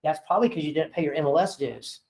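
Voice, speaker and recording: A man's voice: a little high, fast, gravelly, darkish tone, poor audio. A man, a real estate broker and owner, leading a casual training session for his agents and telling frank stories from work. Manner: storytelling, acting out phone calls with voices; frank, chatty, with many fillers.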